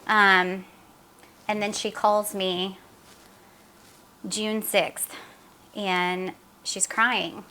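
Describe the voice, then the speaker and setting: A middle-aged woman tells her daughter's story as an interview guest. Her voice is bright and forceful. She talks in an earnest, halting way, with many fillers and re-enacted dialogue. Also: medium pitch, level tone. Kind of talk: emotional personal account in an interview.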